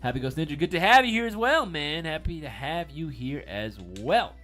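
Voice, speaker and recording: A man hosting a casual live-stream sales chat, playful and quick to swear. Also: fairly high pitch, expressive, sharp tone, soft background music.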